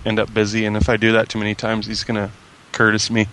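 A man's voice: on the low side, completely flat delivery, fast, a bit bright, a little hiss or hum. A man chatting casually with friends, joking and bantering crudely. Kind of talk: casual chat.

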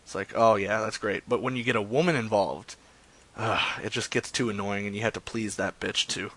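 A man's voice: lowish voice, brisk, a bit bright, husky. A man hosting a live stream, chatting in a rambling, crude, joking way between prank phone calls. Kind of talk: casual profane streaming chat.

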